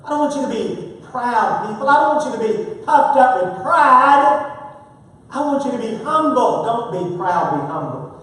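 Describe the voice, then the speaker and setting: A man's voice: very high voice, lively intonation, normal speed, a bit bright. A man preaching an emphatic sermon, repeating phrases and swinging his volume up and down. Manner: emphatic, repetitive, rises and falls in volume. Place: church sanctuary. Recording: echoey hall, picked up from far off.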